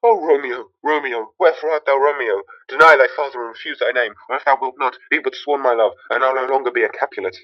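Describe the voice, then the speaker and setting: A man's voice: medium pitch, quick pace, few pauses, dry recording, lightly acted. Earnest lovesick young noblewoman played by a man, old-fashioned verse, amateur animation voice, dull lo-fi sound, dry. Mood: yearning.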